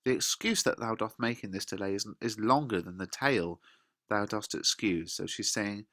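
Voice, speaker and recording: Bright-voiced British teacher, dry close sound. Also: male voice, fairly low pitch, moderate pace, no echo. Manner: reads quoted lines with lively emphasis, then paraphrases casually. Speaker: English teacher. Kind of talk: explaining a play line by line.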